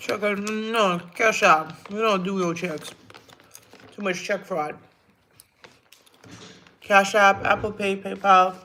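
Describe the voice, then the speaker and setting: A woman's voice: medium pitch, steady tone, slow pace, long pauses, bright, forceful tone. A woman hosting a casual livestream at home, chatting and answering viewer comments with frequent laughs and trailing asides. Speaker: livestream host.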